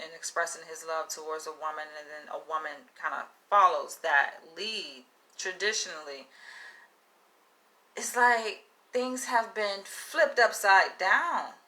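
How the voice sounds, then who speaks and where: A woman's voice: mid-range voice, sharp tone, poor audio. A woman hosting a casual livestream monologue, talking frankly and emphatically, with profanity and frequent laughs. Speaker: livestream host.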